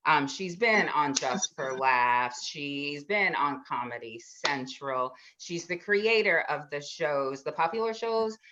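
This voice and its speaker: A woman with a low, swooping voice hosts a comedy showcase from home over a video call. She talks in casual slang and keeps pushing the crowd to cheer, her tone rising and falling a lot. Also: expressive, slow, hardly any pauses, sharp tone, dull audio, a little hiss or hum. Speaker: show host.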